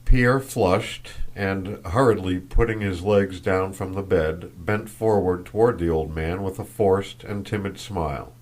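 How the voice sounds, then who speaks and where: A deep-voiced man narrating an audiobook in measured, even tones. His low register stays steady as he carries the story along. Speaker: audiobook reader. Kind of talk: scripted narration.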